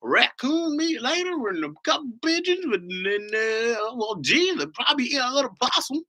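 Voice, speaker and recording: A man voicing a folksy, simple-minded rural Southern man who talks in a slow drawl. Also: extremely high pitch, big pitch swings, sharp tone, pitched above the performer's own voice, heavily acted.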